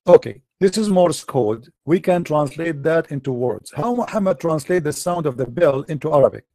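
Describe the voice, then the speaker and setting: Man, taunting debate host, dark mellow tone, dry close sound. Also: fairly high pitch, lively intonation, normal speed, dry recording. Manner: mocking, taunting, repetitive rhetorical questions. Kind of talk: confrontational live-stream debate.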